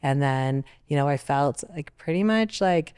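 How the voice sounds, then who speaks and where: A Canadian woman in her thirties, a guest telling her story in a casual panel talk, with many fillers and animated turns. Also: deep voice, measured pace, smooth. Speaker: interview guest, Olympic athlete.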